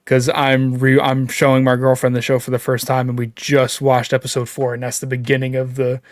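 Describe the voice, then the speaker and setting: A man co-hosting a casual podcast, excitable, swearing freely and laughing as he talks. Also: mid-range voice, fairly quick, no echo. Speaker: podcast co-host. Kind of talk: casual live-stream chat.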